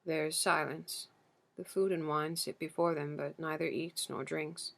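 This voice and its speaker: Slow, gravelly woman narrating a novel. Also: low-pitched, steady tone, a bit bright. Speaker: audiobook narrator. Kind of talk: first-person literary narration.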